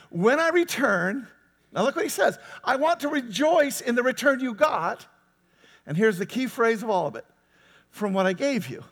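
A man with a high voice preaches a sermon in a loose, conversational way. He keeps putting questions to his listeners and waits for their answers. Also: big-room sound. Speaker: pastor.

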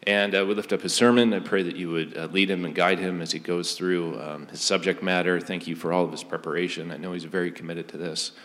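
Deep-voiced man praying aloud. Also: steady tone, a bit bright, in a large hall. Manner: halting, earnest, with many fillers. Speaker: congregation member leading prayer. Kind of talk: spoken prayer.

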